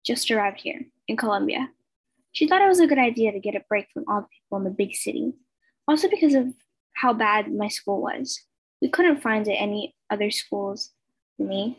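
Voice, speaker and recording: Brief: teen girl, breathy and fairly high, hesitant casual reader of fan fiction, laptop mic at home. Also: poor audio. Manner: hesitant, stumbling, many fillers. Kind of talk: casual reading of a fan story. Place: bedroom at home. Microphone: laptop over a video call.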